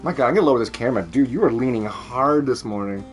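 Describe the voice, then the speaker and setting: On a casual stream from home, a man with a Canadian accent rambles along, laughing a lot and cursing freely. He's a fast talker with a medium-pitched voice, and faint music plays in the background.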